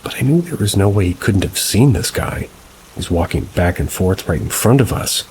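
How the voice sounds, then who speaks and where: Deep-voiced man narrating ghost stories. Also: expressive, normal speed, noisy background. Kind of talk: scripted narration. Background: rain.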